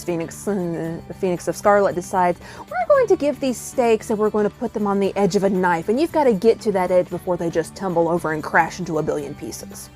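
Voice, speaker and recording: A woman's voice: medium pitch, a little mellow. A young woman reviewing a book in a casual vlog, gushing and dramatic, with lots of fillers. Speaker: book vlogger.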